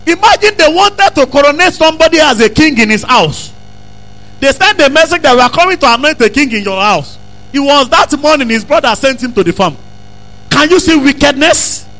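A man preaching a sermon, repeating phrases and breaking into emphatic shouts. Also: very high-pitched, animated, brisk, rough recording. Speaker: pastor.

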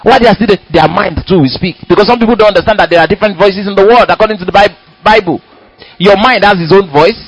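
A man preaching a sermon in a church, animated and dramatic, acting out little quotes as he goes. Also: high voice, fast talker, breathy edge, no room sound, highs cut off.

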